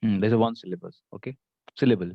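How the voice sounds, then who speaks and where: A man's voice: on the low side, fast, vocal fry, no echo, muffled recording. A man teaching an online English class, explaining patiently with many fillers. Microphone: computer mic on video call.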